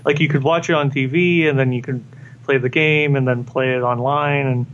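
A young man chatting casually, relaxed and easygoing, starting sentences over as he thinks. His pitch sits in the middle of the male range. A faint rumble hums in the background. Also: moderate pace, muffled recording. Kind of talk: casual chat.

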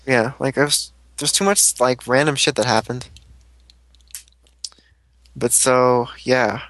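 A man's voice: medium pitch, steady tone, slow, fairly bright tone, rough recording. A man chatting casually as a podcast host, rambling through a recap with frequent swearing and fillers.

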